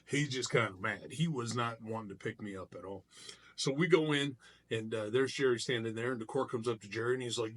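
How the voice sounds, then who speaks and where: Talking fairly quickly at a medium pitch, a middle-aged man with a martial arts background relates a personal anecdote in a relaxed vlog. He's animated and informal, with lots of restarts.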